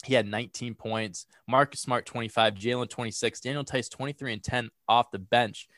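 A man's voice: medium pitch, a little fast, dry recording, clean studio sound. Congested man hosting a sports podcast. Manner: energetic, rambling with fillers and restarts. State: congested from a cold. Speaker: podcast host. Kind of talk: casual sports podcast chat.

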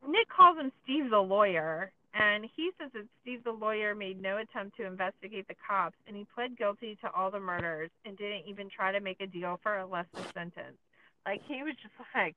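A woman's voice: mid-range voice, lively intonation, normal speed, a little hiss or hum. A woman co-hosting a podcast, recapping a documentary in casual chat, with many filler likes and sarcastic asides. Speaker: podcast co-host. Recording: tinny phone-like sound, dry.

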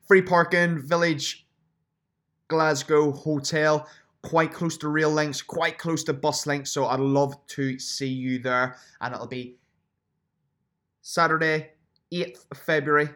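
A man's voice: mid-range voice, fairly bright tone. A man hosting a solo podcast, running through upcoming events in a chatty, promotional way and stressing dates and places. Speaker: podcast host and fitness instructor.

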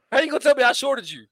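Podcast co-host, male, bright forceful voice, profane and animated, dry sound. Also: extremely high pitch, no echo. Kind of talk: casual chat.

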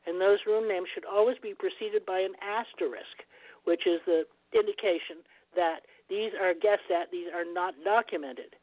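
A woman's voice: on the low side, steady tone, moderate pace, no echo. A woman guest on a phone-in radio interview, talking at length in a rambling, digressive way and ending her turns with "over". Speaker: guest rune scholar. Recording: tinny phone line, dry.

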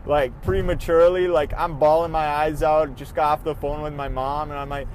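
A man's voice: on the high side, level tone, normal speed, very noisy. A young man hosting his own podcast, talking casually in a rambling, self-deprecating way with easy swearing. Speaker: podcast host. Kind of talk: casual solo podcast monologue.

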